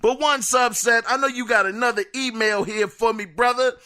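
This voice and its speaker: A man hosting a casual solo podcast, reading listener emails in an animated, joking way that trips over words. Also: very high-pitched, normal speed, clean tone. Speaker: podcast host.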